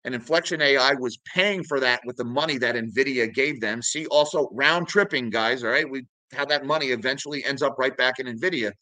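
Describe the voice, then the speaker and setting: A man's voice: medium pitch, a little fast, hardly any pauses, pushed and bright, dry recording, rough recording. A man hosting a finance video, casually talking viewers through charts and news articles and calling them guys. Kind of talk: casual market commentary.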